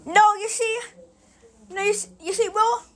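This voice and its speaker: A woman's voice: extremely high pitch, fairly even intonation, measured pace, a bit bright, pitched above the performer's own voice. A girl voicing Asher, a boastful, teasing teenage boy model. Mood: cocky. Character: cocky famous teen boy model.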